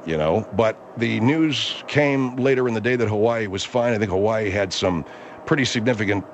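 A man's voice: fairly low pitch, steady tone, normal speed, a little hiss or hum. A man hosting a talk radio show from a studio, chatty and trying to keep two guests in line. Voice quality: easygoing, chatty, mediating. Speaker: radio host.

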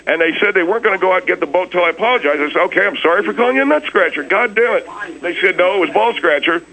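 A hapless, defensive small-town man, played by a man in a radio comedy bit. He rambles on and keeps justifying himself. His voice is bright and sits a touch high. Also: animated, rapid-fire, exaggerated voice, poor audio. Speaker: recurring comedy character on a radio show.

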